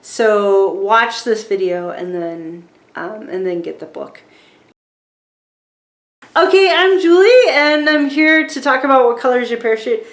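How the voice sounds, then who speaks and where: Forties southern-ish woman vlogging, kinda high voice, rambly with lots of ums, echoey room. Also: fairly bright tone. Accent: Southern American. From rural Virginia, USA. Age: 40s. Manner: rambling, chatty, lots of restarts and fillers. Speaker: YouTuber. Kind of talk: casual talking-to-camera book review.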